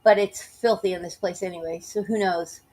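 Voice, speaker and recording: A woman's voice: lowish voice, steady tone, moderate pace, darkish tone, slightly rough. A woman with a slight Southern US accent, reading emails aloud and breaking in with blunt, mocking asides. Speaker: YouTuber reading letters aloud. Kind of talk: reading emails with sarcastic commentary.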